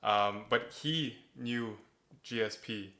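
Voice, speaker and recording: A man's voice: lowish voice, slow. Young man telling a casual anecdote. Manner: animated anecdote-teller, swears casually. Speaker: podcast co-host, brand manager. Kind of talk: casual storytelling.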